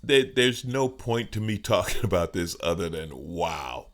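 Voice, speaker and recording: Man, smooth very deep voice, middle-aged, comedian host, casual joking monologue. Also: sing-song, measured pace, fairly bright tone. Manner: joking, conversational, playful asides.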